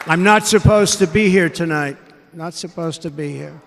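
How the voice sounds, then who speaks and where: An American man in his seventies giving a speech to a rally crowd in a large indoor arena, measured and emphatic, repeating his phrases. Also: fairly high pitch, vocal fry. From United States. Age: 70s. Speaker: political candidate. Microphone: podium microphone. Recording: echoey arena with crowd noise.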